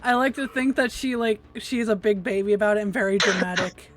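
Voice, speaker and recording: A woman's voice: medium pitch, a little fast, over music. A woman playing in a live-streamed tabletop role-play, reacting with amused questions and laughter. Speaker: player. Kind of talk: casual role-play chat.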